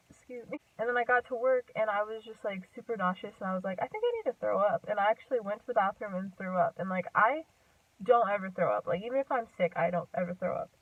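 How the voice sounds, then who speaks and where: A woman's voice: medium pitch, dry recording. Chatty young woman, tinny distant sound. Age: young adult. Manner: chatty, rambling, full of "like" and "um", laughs often. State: a bit out of breath. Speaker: vlogger. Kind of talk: casual storytelling to camera.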